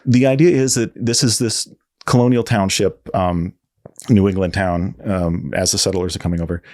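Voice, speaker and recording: Low-voiced man telling a story. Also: fairly even intonation, normal speed, a little mellow. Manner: rambling, self-correcting storyteller. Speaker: guest creative designer. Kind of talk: casual interview.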